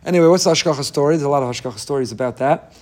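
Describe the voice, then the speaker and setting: A man leading his daily inspirational talk as a rabbi, speaking with fervent emphasis. His voice sits a little above the usual male pitch, and he drives points home by repeating them. He sprinkles Hebrew and Yiddish terms into his English. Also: very fast, darkish tone. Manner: emphatic, repeats phrases for stress.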